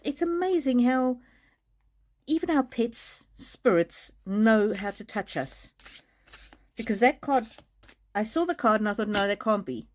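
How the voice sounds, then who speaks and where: Gentle woman giving a live card reading. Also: a little high. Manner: gentle, reassuring, with frequent restarts. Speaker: oracle card reader. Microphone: streaming mic.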